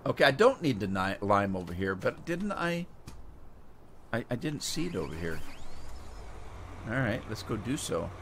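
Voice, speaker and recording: A middle-aged American streamer plays a farming game and chats with viewers by name, rambling and easygoing. His lowish, a bit bright voice swings widely in pitch at a moderate pace with long pauses, and slight background noise sits behind it.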